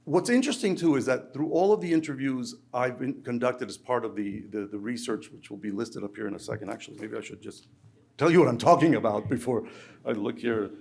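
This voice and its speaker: A man, an academic researcher, giving a lecture in a halting way, restarting phrases and repeating words. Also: medium pitch, creaky, a little mellow, breathy edge.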